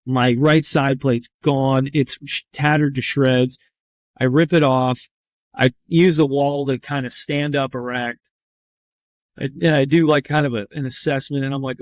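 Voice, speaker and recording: A man's voice: medium pitch, fairly even intonation, unhurried, no room sound. A man who is a trauma surgeon, telling a story in a candid, rambling and profane way, full of "like" fillers. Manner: vivid, tense recounting. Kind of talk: candid first-person storytelling.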